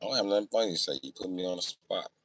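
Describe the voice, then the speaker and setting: Young male streamer, brash and crude, lowish voice with a bright, punchy edge. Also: animated, racing, breathy edge, no echo, clean studio sound. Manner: profane, boastful storytelling; swings between loud outbursts and low mutters. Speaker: livestreamer reading chat. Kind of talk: casual live-stream chat.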